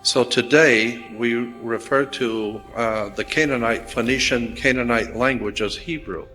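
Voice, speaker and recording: A man giving a measured, explanatory talk with deliberate pauses. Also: mid-range voice, pushed and bright, soft background music. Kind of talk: explanatory lecture.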